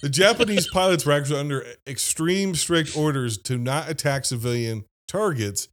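A man's voice: a little high, normal speed. A man from Ohio hosting a casual movie-review podcast, laughing often and mimicking lines from films. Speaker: podcast host.

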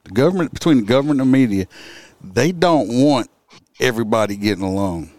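A man's voice: medium pitch, expressive, fast, a little mellow, no room sound. A man in his forties talking casually as a podcast host, telling stories in a laid-back way, cursing and laughing along. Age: 40s. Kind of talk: casual conversation.

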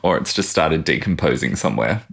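Woman, co-host, strikingly low voice, wry delivery. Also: animated, fairly quick, gravelly, slightly rough. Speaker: podcast co-host. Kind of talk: casual chat.

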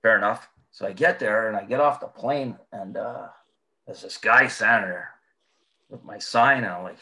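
A man's voice: fairly low pitch, normal speed, bright, forceful tone. A man telling hockey road stories in casual chat, swearing often and laughing through them.

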